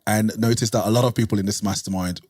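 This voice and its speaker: A man's voice: fairly low pitch, fairly even intonation, quick pace, darkish tone, breathy edge, no room sound, clean studio sound. A man chatting casually as a podcast guest, easygoing and laughing now and then. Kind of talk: casual chat.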